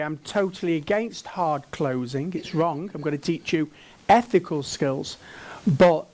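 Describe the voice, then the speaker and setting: A man with an English accent gives a keynote at a conference, speaking at a slow, unhurried pace. His voice sits high for a man. He jokes with the audience and keeps putting questions to the room. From England. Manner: jokey, asks the room questions. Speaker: keynote speaker and sales trainer.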